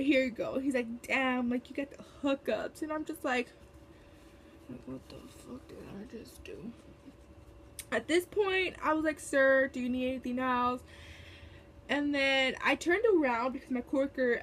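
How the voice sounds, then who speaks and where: A woman's voice: high voice, a little hiss or hum. A young woman telling a storytime vlog in casual, chatty talk, full of fillers and sassy asides. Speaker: vlogger.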